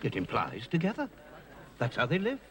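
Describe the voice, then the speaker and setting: An actor playing a middle-aged gentleman father in a period film, speaking with dry, understated wit. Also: medium pitch, wildly swooping pitch, moderate pace, gravelly, full character voice. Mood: wry. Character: dry, wry gentleman father, mild-mannered. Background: film score music.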